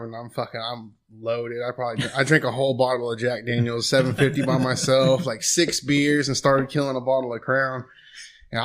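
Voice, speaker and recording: A man's voice: mid-range voice, fairly bright tone. A man, telling a long story in profane, laid-back casual chat. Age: 20s. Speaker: guest.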